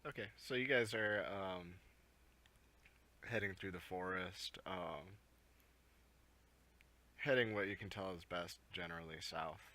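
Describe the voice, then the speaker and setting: Male game master, low and unhurried, hesitant narrator. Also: pushed and bright. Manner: hesitant, many fillers.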